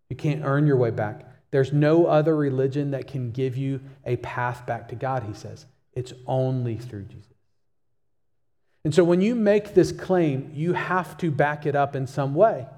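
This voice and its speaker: A man's voice: on the high side, a little slow, long pauses, darkish tone, big-room sound. A male pastor preaching a sermon, emphatic and repeating key phrases for stress.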